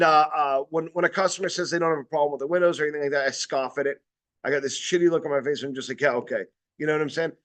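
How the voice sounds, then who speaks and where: A man's voice: a little high, a bit bright. A man giving a casual sales training talk, rambling and blunt, swearing freely and checking in with his listeners.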